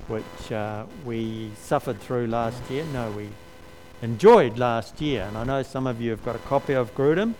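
A man preaching at an unhurried, deliberate pace and a mid-range pitch. He leans hard on key words and lets others drop away quietly, with faint vehicle noise behind him. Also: poor audio. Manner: slow, emphatic, rises to stress key words. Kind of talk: sermon.

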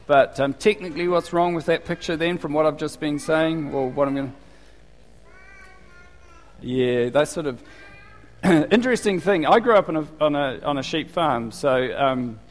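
Recorded with the long reverb of a hall, a man from New Zealand, speaking with a New Zealand accent, delivers a casual sermon in a chatty tone and puts questions to the congregation. He talks at a moderate pace in a slightly high voice.

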